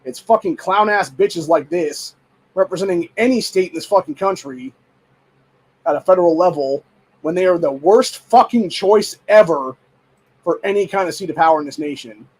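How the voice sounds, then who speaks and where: A man's voice: high-pitched, expressive, normal speed, breathy edge, low-quality recording. A man hosting a show, ranting angrily in heated, profane, rambling commentary full of fillers. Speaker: show host. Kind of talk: angry political commentary rant.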